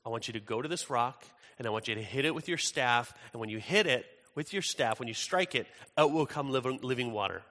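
A preacher voicing a calm, easygoing God. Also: male voice, medium pitch, fairly quick, in a large hall. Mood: calm instructing. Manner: casual, matter-of-fact retelling. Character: calm patient male God giving instructions.

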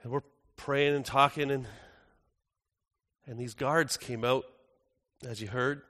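A man playing the apostle John as an older man in a first-person dramatic monologue, earnest, moving between hushed and urgent. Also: mid-range voice, fairly even intonation, slow. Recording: echoey hall with long reverb.

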